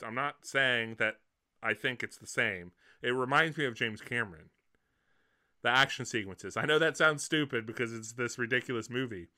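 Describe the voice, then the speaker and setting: A man's voice: mid-range voice, sharp tone. A man in casual conversation, rambling and often hedging as he shares his opinions. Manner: rambling, hedges and restarts often. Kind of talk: casual film discussion.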